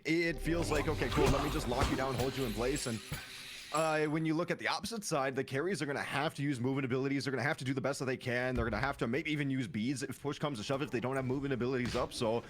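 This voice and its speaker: A man casting an esports match, calling the play quickly and excitedly, with laughs between plays. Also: medium pitch, faint music behind. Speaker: play-by-play caster. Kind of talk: esports commentary.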